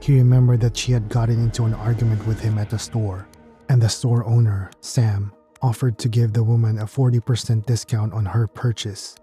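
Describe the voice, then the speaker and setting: A man reading a scripted horror story in a steady, measured storytelling voice. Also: lowish voice. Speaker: narrator. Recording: clean narration with music bed.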